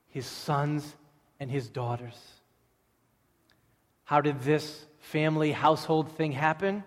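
A male pastor preaching a sermon to his congregation, stressing points by repeating phrases. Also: medium pitch. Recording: long hall reverb.

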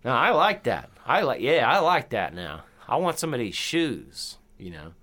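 A man co-hosting a casual movie review chat, animated and swearing freely, often acting out lines in silly voices. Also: mid-range voice, moderate pace. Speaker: podcast co-host.

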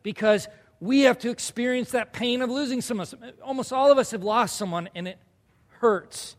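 Young male pastor with a high voice, chatty preaching style, recorded in a reverberant hall. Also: moderate pace. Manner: conversational preaching, asks the audience questions. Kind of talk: sermon.

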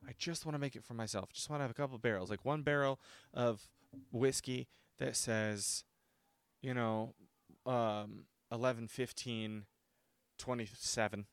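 A man's voice: mid-range voice, steady tone, a little slow, clean tone, no room sound. A man in his twenties chatting casually to camera as he reviews a drink, rambling, swearing freely and poking fun at himself. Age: 20s.

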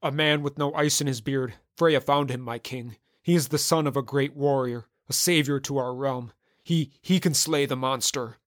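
A man's voice: mid-range voice, moderate pace, no room sound, studio quality, lightly acted. A man voicing a fearful Norse warrior who pleads with his king in a shaky voice.

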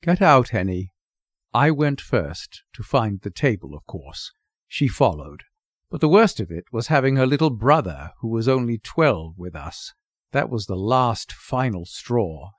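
Man reading a short story aloud, lively pitch, dry close sound. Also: unhurried, dry recording. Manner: expressive, wry. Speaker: narrator, reader.

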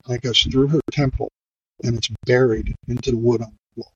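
A man's voice: medium pitch, steady tone, a little fast, husky, no room sound, dull audio. A middle-aged man, a firefighter, telling a raw story in an interview, profane and emotional, rambling with many fillers. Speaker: firefighter and podcast guest.

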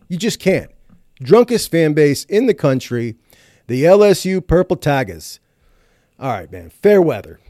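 A man's voice: a little high, darkish tone, no room sound, clean studio sound. Fired-up man ranting. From Ohio. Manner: emphatic, ranting, swears freely. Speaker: podcast host. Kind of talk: fired-up opinion commentary.

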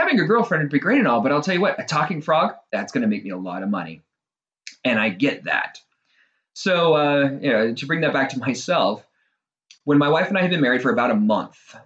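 A middle-aged man talks in a loose, self-deprecating monologue that is full of fillers. His pitch rises and falls in a lively way. The recording sounds dull and lo-fi. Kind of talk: casual monologue.

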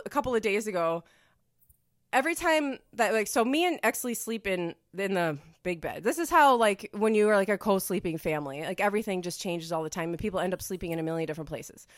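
A woman's voice: medium pitch, no echo. Woman podcast host, rambling casual chat, dead-dry close sound. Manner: rambling, filler-heavy storytelling.

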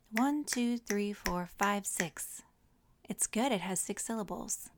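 A woman narrating a children's story and teaching syllables in a gentle, teacherly way. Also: mid-range voice, slow, a little hiss or hum.

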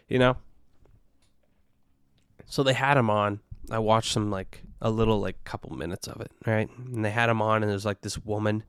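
A man hosting a solo podcast, rambling in a casual, profane, animated way into a podcast microphone. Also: fairly low pitch, moderate pace, clear, resonant tone, no echo, clean studio sound. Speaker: podcast host.

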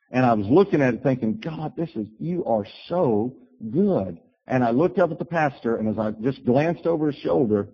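Man preacher, husky, storytelling sermon, muffled lo-fi sound. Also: medium pitch. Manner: storytelling, animated bursts when quoting himself. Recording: dull lo-fi recording.

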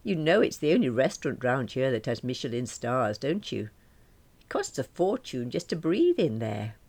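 A woman's voice: extremely low pitch, sing-song, moderate pace, a little mellow, exaggerated voice. A woman reading a gushing, romantic girlfriend. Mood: dreamy. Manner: dreamy, impressed.

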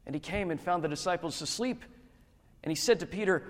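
Man reading scripture in a reverberant hall. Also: on the high side. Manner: measured, dramatic, slow reading.

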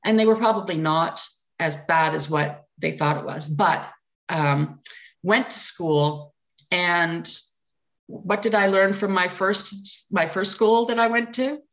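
A middle-aged woman, a podcast interview guest, telling her life story in a lively, candid way with self-mocking asides. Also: lowish voice, takes it slowly. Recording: dull lo-fi recording.

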